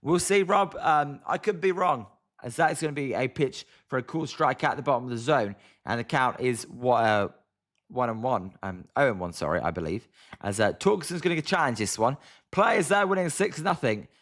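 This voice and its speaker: British male streamer, excitable play-by-play, mid-range voice, grumbles at his team, chats with viewers. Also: mid-range voice, moderate pace. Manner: exasperated, chatty, reads viewer comments aloud. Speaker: live-stream sports commentator. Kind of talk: casual play-by-play watch-along.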